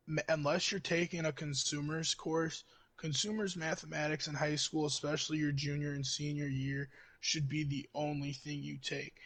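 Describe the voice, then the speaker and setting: A young man with a husky, gravelly voice rants in casual podcast chat, peppering his talk with "like" and "bro." His voice sits a little high for a man. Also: a bit bright. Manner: ranting, full of "like" and "bro". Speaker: podcast co-host.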